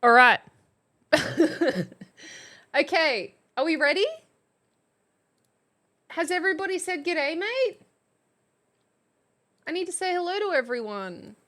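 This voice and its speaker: A woman's voice: very high voice, animated, takes it slowly, long pauses, a bit bright. A woman streaming as a playful mock substitute teacher, chatting casually and reading out viewers' names.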